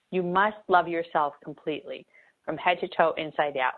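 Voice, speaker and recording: A woman's voice: on the low side, fairly quick. A woman giving an earnest, emphatic motivational talk on manifesting, repeating key phrases for emphasis. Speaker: spiritual coach. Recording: tinny phone-like sound.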